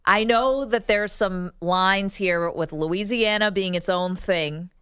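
A woman's voice: medium pitch, slow pace, fairly bright tone, smooth, no echo, clean studio sound. A woman hosting a casual talk show, teasing her co-hosts and laughing easily. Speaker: host. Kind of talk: casual chat.

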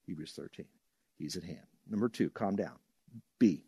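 A man preaching a sermon as a pastor, telling stories with lively acted-out voices. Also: low voice, moderate pace, pauses often, slightly rough, dry recording. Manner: animated storytelling, acts out voices loudly.

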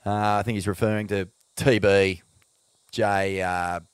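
A man's voice: lowish voice, level tone, a little slow, clear, resonant tone, no echo. An Australian man hosting a podcast, reading listener questions in an upbeat, sweary, casual way. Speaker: podcast host. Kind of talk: casual chat.

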